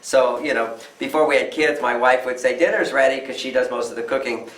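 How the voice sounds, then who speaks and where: A man's voice: mid-range voice, steady tone, brisk, a bit bright. An older man, a relationship author answering interview questions with emphatic delivery who often acts out quoted voices. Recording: echoey room, distant mic.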